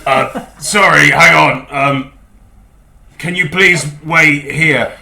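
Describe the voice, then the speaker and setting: A man narrating a tabletop game as game master, hesitant with many pauses. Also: on the high side, vocal fry, roomy sound, a crowd in the background. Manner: hesitant, filler-heavy narration with frequent laughter.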